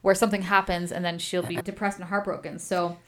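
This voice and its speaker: A woman's voice: on the low side, a little fast. Chatty woman recapping a book. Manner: chatty, animated, acts out quotes. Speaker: book podcast host.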